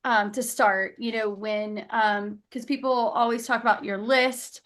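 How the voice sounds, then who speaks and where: A woman with a Southern American accent hosts a virtual summit, asking rambling questions in a chatty way. Her voice sits a little high. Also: steady tone, measured pace, fairly bright tone. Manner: chatty, many fillers, laughs easily. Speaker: summit host. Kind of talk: casual chat.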